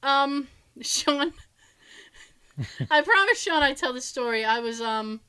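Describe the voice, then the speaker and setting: A woman co-hosting a podcast, telling animated stories in casual chat, swearing freely and laughing often. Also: sits high, slow pace. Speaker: podcast co-host.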